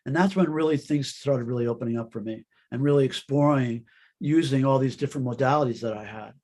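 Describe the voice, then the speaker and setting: A man, a guest author, telling a personal story in an interview, in an earnest, halting way with many restarts. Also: mid-range voice, darkish tone.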